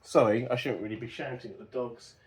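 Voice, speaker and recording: A man's voice: medium pitch, fairly even intonation, fast. A man chatting casually to the camera as he works on an old car in his home workshop, joking at his own expense and talking to himself. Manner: self-deprecating, chatty, talks to himself while working. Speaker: car restoration vlogger. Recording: noisy workshop with dogs barking.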